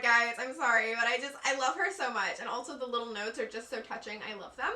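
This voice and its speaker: A woman's voice: a little high, a little fast, hardly any pauses, sharp tone, recorded from a distance. A young woman beauty vlogger gushing through a makeup unboxing. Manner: gushing, effusive, giggly. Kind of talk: excited unboxing vlog. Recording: echoey room, a bit off-mic.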